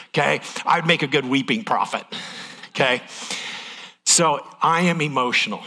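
A man's voice: medium pitch, normal speed, pauses often, pushed and bright, soft background music. A middle-aged man preaching a sermon in a folksy, candid, emotional way. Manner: folksy, transparent, emotional delivery.

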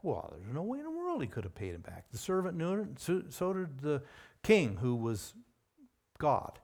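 A man preaching a sermon in an emphatic way, with sudden rises in pitch and loudness on key words. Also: wildly swooping pitch, moderate pace.

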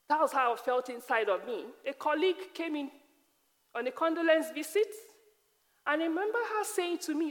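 A high-voiced woman from Africa preaches a personal testimony, emphatic and slowing to repeat key phrases. Her words carry a long reverb from a large hall or church. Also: lively intonation.

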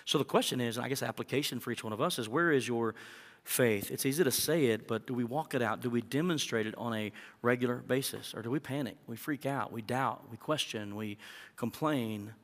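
Male pastor, animated sermon delivery, voice ringing through a large church hall. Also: fairly quick. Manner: animated, acts out prayers and dialogue with rising pitch.

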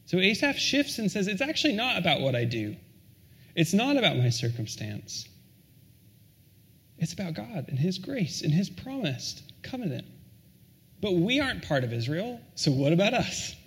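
A man preaching a sermon, his voice sitting a little high for a man. He talks earnestly and asks his listeners questions, then sinks to a hushed, quiet delivery on the lines he wants to land. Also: sing-song, normal speed. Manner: earnest, asks the listeners questions, drops to a soft near-hush on key lines. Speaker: pastor.

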